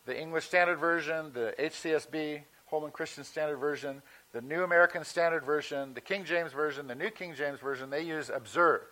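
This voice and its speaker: A male pastor giving a sermon in a conversational teaching manner, slowing down to stress key words. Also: fairly high pitch, bright, forceful tone, low-quality recording.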